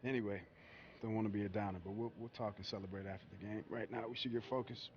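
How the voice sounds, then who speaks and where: A man voicing a grieving young basketball player in a video game cutscene, speaking quietly and reflectively in a lowish voice. The audio is dull, with a faint hiss. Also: fairly even intonation, fast, lightly acted. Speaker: player in a career mode cutscene. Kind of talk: cutscene dialogue.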